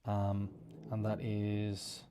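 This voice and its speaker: Mellow-voiced male English teacher. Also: fairly low pitch, monotone, drawn-out words, a little hiss or hum. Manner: explains patiently, repeating example phrases with strong intonation. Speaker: podcast host. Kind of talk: casual spoken lesson.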